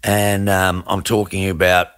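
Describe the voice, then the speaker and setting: A man's voice: low voice, level tone, unhurried, a bit bright, clear, resonant tone, no echo, clean studio sound. A man co-hosting a radio show, teasing and stammering into his punchlines. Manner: teasing, stammering build-ups. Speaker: radio co-host. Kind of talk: casual radio banter.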